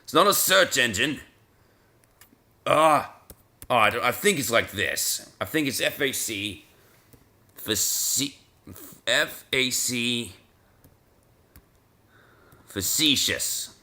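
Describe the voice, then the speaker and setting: Lively, bright-voiced man rambling over a game. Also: mid-range voice, takes it slowly, pauses often. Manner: rambling, stammers and repeats words, self-mocking. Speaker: gaming video host. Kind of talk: casual let's-play commentary.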